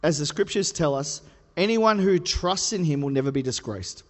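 Playful preacher in a reverberant hall. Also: male voice, animated, normal speed. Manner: conversational, playful, builds to emphatic highs. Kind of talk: sermon.

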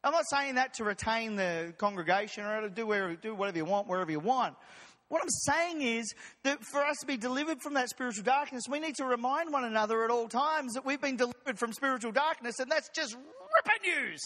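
A man preaching a lively, jokey sermon as pastor, acting out voices of his congregation. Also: extremely high pitch, fast. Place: church hall. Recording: long hall reverb.

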